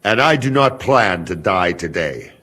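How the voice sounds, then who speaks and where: An actor voicing a proud male guard with a Hungarian accent in a video game, speaking calmly and with quiet menace. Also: low-pitched, full character voice. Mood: firm. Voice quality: calm, measured, menacing.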